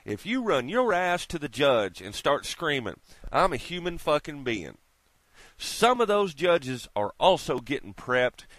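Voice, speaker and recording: A man's voice: mid-range voice, fairly bright tone, dry recording. A man delivering a heated, profane rant straight to his viewers, lecturing and swearing constantly. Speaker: vlogger. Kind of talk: profane ranting monologue.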